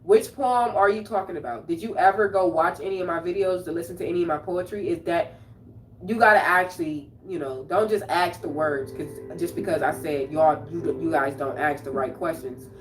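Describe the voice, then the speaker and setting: A woman's voice: lowish voice, normal speed. A woman poet hosting a livestream, speaking rawly and confrontationally and repeating phrases as she talks to her viewers. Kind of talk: emotional livestream monologue. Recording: roomy echo, distant mic, music behind.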